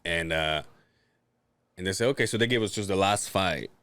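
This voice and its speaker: A man's voice: low-pitched, normal speed, fairly bright tone, clean tone, dry recording. A man co-hosting a podcast, telling rambling stories in casual chat, swearing freely and laughing often. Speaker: podcast co-host.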